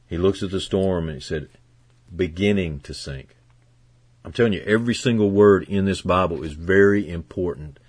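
A man preaching a sermon as pastor, earnest and fervent, moving from hushed passages to loud, emphatic ones. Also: low-pitched, slightly rough, dry recording.

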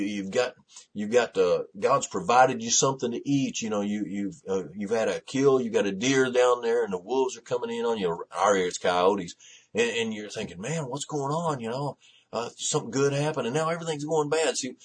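A man's voice: mid-range voice, brisk, husky. A man preaching a sermon in a conversational, repetitive way, with many restarts, who rises to fervent emphasis.

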